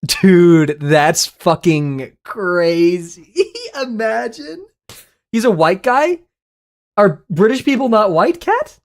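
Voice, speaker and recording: Excitable, swearing live streamer. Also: mid-range voice, takes it slowly. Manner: excitable and joking, swears freely, laughs often; reacts aloud to viewers' chat messages. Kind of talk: casual live-stream chat with viewers.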